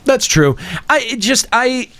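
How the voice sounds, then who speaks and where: Animated man hosting a gaming chat. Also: extremely high pitch, a little slow. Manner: thinks aloud in long winding sentences, swears casually. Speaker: podcast host leading the discussion. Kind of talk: casual panel chat.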